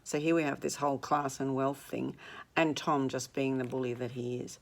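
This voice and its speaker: Low-voiced female teacher, reads and unpacks a classic novel, chatty asides. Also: steady tone, normal speed, gravelly. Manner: conversational, explanatory asides. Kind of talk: reading and commenting on a novel.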